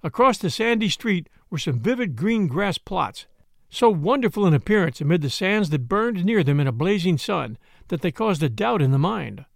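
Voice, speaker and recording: A man reading a story aloud in an expressive, varied narration. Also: high-pitched, moderate pace, gravelly, dry recording, clean studio sound.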